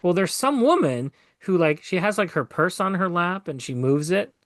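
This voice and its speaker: A man's voice: high-pitched, lively intonation, normal speed, no echo, studio quality. A man co-hosting a podcast, telling a rambling story that builds to mock outrage. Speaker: podcast co-host. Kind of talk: casual chat.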